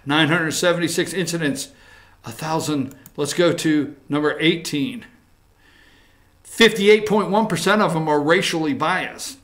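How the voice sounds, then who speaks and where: Man, talk show host, high voice, bright tone, casual joking commentary. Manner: animated, joking, reads headlines aloud.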